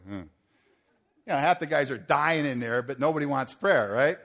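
A man preaching to a group of men, telling a story in a lively way and acting out the people in it. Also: mid-range voice, moderate pace. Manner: animated, acts out the people in his story. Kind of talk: storytelling sermon.

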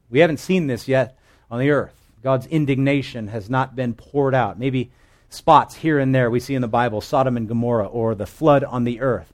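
A man preaches a sermon as a pastor, with an earnest, emphatic delivery. His voice sits at an ordinary middle pitch for a man. He leans hard on key words, then drops to a hushed, low tone. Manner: earnest, emphatic, shifts between loud stress and hushed low lines.

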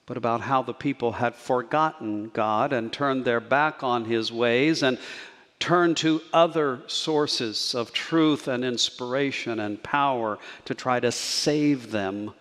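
A man preaching a sermon as pastor, measured and earnest, slowing down to stress key words. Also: medium pitch, fairly bright tone, big-room sound. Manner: measured, earnest preaching with slow emphatic pauses.

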